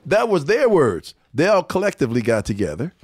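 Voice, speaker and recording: A man's voice: a little high, brisk, husky, no echo, clean studio sound. An older man, a musician, telling stories in a casual interview, quoting people and laughing often. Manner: animated storyteller, quotes people, laughs often.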